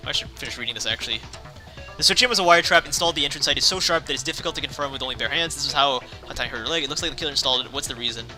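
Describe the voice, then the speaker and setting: A man's voice: medium pitch, very fast, sharp tone, faint music behind. A young man casually playing through a visual novel, reading the text aloud, rambling, correcting himself and laughing often. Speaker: let's play host.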